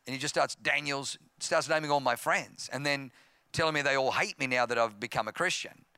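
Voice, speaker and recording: Australian man, pastor, 50s, sermon storytelling, bright forceful tone, dry close sound. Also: medium pitch, a little fast, dry recording. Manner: storytelling, acting out voices, grows loud and impassioned. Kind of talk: evangelistic sermon testimony.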